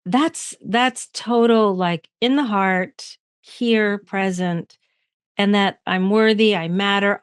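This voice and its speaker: A woman's voice: medium pitch, no room sound, studio quality. A woman hosting a podcast, reflecting back on what she hears in an affirming, thoughtful way. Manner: affirming, reflective, lots of listening sounds. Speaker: podcast host. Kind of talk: casual conversational interview.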